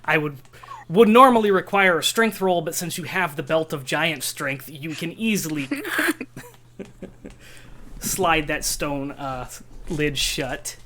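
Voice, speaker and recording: A man running a tabletop game as game master, narrating the scene in an easygoing way with frequent pauses. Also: fairly high pitch, bright, forceful tone, slight background noise.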